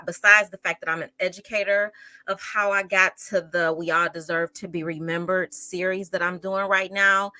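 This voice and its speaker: A woman's voice: lowish voice, fairly even intonation, moderate pace, pushed and bright, no echo, rough recording. A woman, a teacher, hosting a casual true crime livestream, chatty and emotional, close to tears as she greets viewers in the chat.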